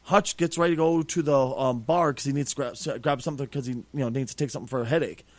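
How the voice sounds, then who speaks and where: A man's voice: mid-range voice, fast, no echo. A middle-aged man hosting a podcast, telling a profane story in a casual way and acting out what people said. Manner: profane, animated, acts out quotes. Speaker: podcast host.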